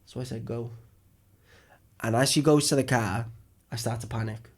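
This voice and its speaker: Young male podcast host, casual rambling storyteller, mid pitch. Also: steady tone, normal speed. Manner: rambling storyteller, jokey, acts out dialogue. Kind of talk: casual chat.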